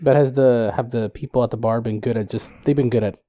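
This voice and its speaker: A man's voice: mid-range voice, fairly even intonation, quick pace, dark tone, no room sound. A man co-hosting a podcast in casual chat who hesitates and restarts often. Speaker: podcast co-host.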